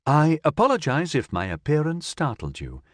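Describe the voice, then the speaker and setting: A biological android apologizes in a formal, careful manner in a sci-fi audiobook, as a male narrator voices it. Its voice sits a little high and measured. It is recorded dry and close. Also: huge pitch swings, dry recording. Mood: polite. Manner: formal, precise, polite. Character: polite manufactured android, formal and courteous.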